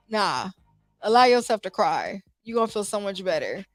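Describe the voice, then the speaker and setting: Talking fairly quickly with lively intonation, a young woman with a slightly high voice hosts a casual motivational talk show. She's heartfelt and conversational, restarting often and saying "you know" a lot, over faint music in a dry recording.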